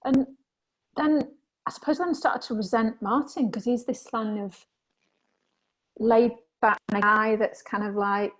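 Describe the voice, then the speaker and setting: A woman speaking candidly as a guest in a reflective conversation, sometimes animated when reenacting her past self. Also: fairly high pitch, a little slow, low-quality recording.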